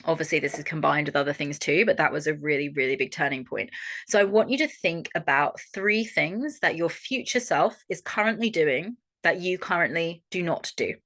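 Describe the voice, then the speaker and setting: Frank Australian woman coach, lowish voice. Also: moderate pace. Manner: frank and animated, swears freely. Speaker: holistic coach. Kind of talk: online workshop talk.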